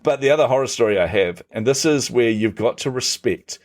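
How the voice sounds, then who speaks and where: He's a middle-aged man with a medium-pitched voice, guesting on a podcast and telling stories at a fairly quick clip. Animated and often laughing, he performs what other people said as he goes.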